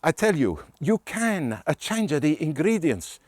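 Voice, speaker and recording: A man putting on a famous Italian woman who gives him fond, proverb-like advice in a rough mock Italian accent. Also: on the high side, big pitch swings, a little slow, a little mellow, no room sound, studio quality.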